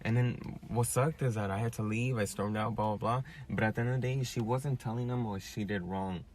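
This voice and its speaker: A man's voice: fairly low pitch, fairly even intonation, brisk, a little mellow, a little hiss or hum. Rambling young man telling a story. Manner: rambling, repeats "bro" often, swears freely. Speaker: podcast guest telling his story. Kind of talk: casual chat.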